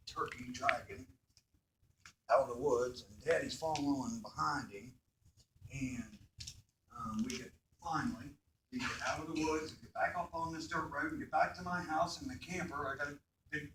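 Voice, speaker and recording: Male speaker addressing students, bright voice, echoey hall, keeps checking in with "right?". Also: a little high, distant mic, slight background noise. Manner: asks the audience questions, repeats "right?". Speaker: motivational speaker at a school. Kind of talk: emotional personal story told to students. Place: school hall.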